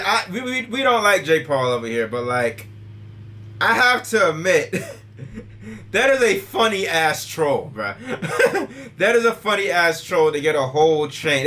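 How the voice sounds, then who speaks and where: A man's voice: mid-range voice, bright, forceful tone. A young man hosting a casual podcast, rambling and tacking "and stuff like that" onto his points. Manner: rambling, says "and stuff like that" constantly. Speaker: podcast host.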